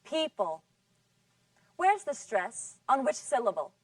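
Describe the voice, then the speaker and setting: A woman teaching a scripted class, patient, stretching out model words slowly for the students to repeat. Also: a little high, expressive, recorded from a distance. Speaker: English teacher.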